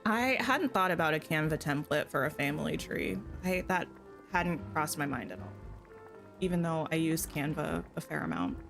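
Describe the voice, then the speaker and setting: A woman's voice: deep voice, very animated, normal speed, creaky, over music. A woman streaming a video game, chatting casually and thinking aloud as she plays. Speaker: gaming streamer. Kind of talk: casual gameplay chat.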